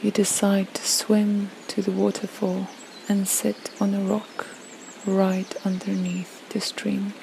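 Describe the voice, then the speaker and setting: Slow, gravelly-voiced woman guiding relaxation. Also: medium pitch, completely flat delivery, background noise. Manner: slow, soothing, with long pauses. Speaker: yoga and meditation guide. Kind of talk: guided relaxation visualization.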